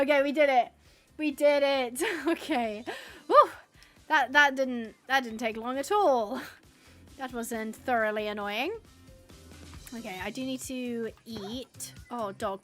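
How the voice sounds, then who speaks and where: A woman streaming live gameplay, chatting to the viewers and the game animals and getting excited. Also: high-pitched. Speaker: gaming streamer.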